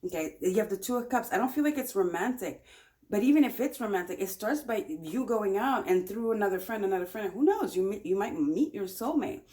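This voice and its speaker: A woman talks through a pick-a-card tarot reading in a relaxed, chatty way. She is encouraging and repeats short phrases over and over for emphasis. Her pitch sits in an ordinary middle range for a woman. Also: fairly quick. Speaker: tarot reader.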